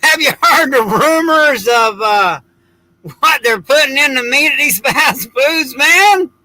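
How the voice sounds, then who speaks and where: A man's voice: very high voice, animated, slow pace, sharp tone, dry recording, low-quality recording. A man with an American accent joking in a drawling, casual livestream chat. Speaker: livestream co-host.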